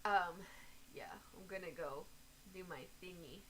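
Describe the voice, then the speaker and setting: A woman's voice: fairly low pitch, a little slow, sharp tone, a little hiss or hum, rough recording. A woman from the United States co-hosting a livestream in casual chat, giggling often and telling stories with animation. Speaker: livestream co-host.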